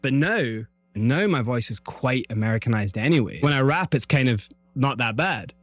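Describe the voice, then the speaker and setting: A man's voice: mid-range voice, normal speed, no room sound. Scottish man telling a story over music. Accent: Scottish, Dundee. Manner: animated anecdote, quoting others. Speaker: guest, musician. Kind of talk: storytelling in an interview.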